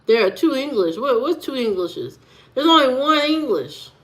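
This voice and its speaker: A woman's voice: sits high, sing-song, moderate pace. A woman hosting a live stream in casual chat, answering her viewers with blunt rhetorical questions. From United States. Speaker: livestream host.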